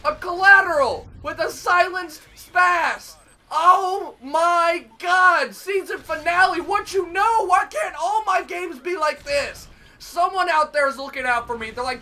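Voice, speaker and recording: Excitable, high-voiced young man commentating gameplay. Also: a little slow. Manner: excitable, melodramatic, self-mocking. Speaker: gaming commentator.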